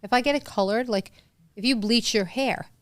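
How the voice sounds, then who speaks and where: A woman's voice: a little high, normal speed, no room sound. Woman, podcast co-host, matter-of-fact, dry close sound. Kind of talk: casual chat.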